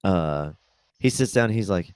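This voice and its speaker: A man's voice: low voice, lively intonation, normal speed, darkish tone, clear, resonant tone, no echo. A man co-hosting a podcast, telling rambling, profanity-laced stories in casual chat. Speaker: podcast co-host.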